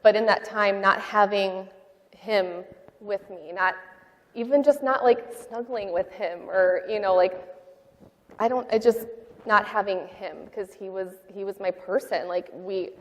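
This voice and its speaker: A woman sharing a personal testimony in a church interview, talking in a halting, heartfelt way with many fillers. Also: medium pitch, long reverb tail. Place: church sanctuary.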